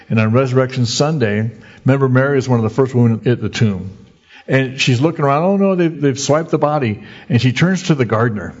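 A male pastor giving a folksy, conversational sermon and acting out the voices in his stories. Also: medium pitch. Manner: lively storyteller who acts out the quoted voices. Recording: dull lo-fi recording.

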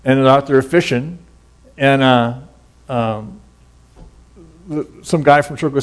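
A middle-aged man, a pastor, giving a relaxed, conversational sermon full of folksy stories and casual asides. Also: mid-range voice, slow, long pauses, clear, resonant tone.

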